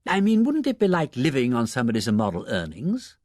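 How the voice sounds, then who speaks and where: A man's voice: mid-range voice, huge pitch swings, brisk, a little mellow, dry recording, clean studio sound. A man voicing a timid, earnest young woman don who talks hesitantly, with a stammer.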